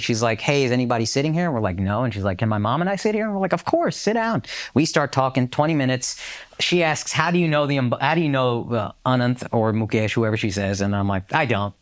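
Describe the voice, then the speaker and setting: Man, podcast co-host, casual storytelling, animated, curses freely. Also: mid-range voice, quick pace. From United States. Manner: animated storytelling, acts out quoted voices, swears freely. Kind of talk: casual chat.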